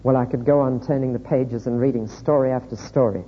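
A man preaching a sermon, reading scripture aloud in a measured, deliberate way. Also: mid-range voice, fairly even intonation, breathy edge. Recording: echoey hall, dull lo-fi sound.

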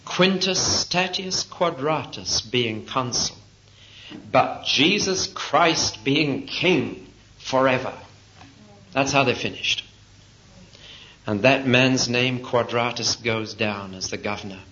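A man's voice: mid-range voice, a bit bright. A man preaching a sermon, telling stories dramatically, rising and dropping his voice for emphasis. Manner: dramatic, rises and drops for emphasis. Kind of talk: sermon storytelling. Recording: dull lo-fi old tape with faint hiss.

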